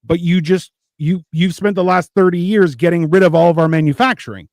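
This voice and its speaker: A man's voice: high voice, brisk, darkish tone, no echo. A man on a podcast, ranting in a casual, profane way and mocking others in put-on voices. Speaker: podcast co-host.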